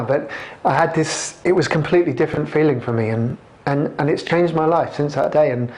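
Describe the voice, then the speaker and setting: A man giving a personal testimony to a camera. He speaks in a halting, reflective way, with many restarts. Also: a little high, darkish tone. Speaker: convert sharing his testimony.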